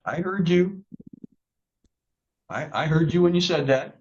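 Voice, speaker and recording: A man's voice: on the high side, unhurried, dull audio. A man presiding as a judge at a court hearing, stern and lecturing.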